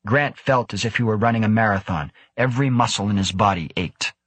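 A man narrating a science fiction audiobook in a measured, even storytelling manner. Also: lowish voice, slightly rough, dry recording. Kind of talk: scripted narration.

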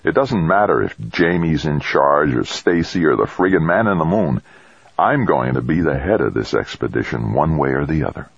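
Bitter, driven young explorer, as a man reads him, deep and husky. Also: lively intonation, normal speed, no room sound, exaggerated voice. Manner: bitter, determined. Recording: dull dry lo-fi recording.

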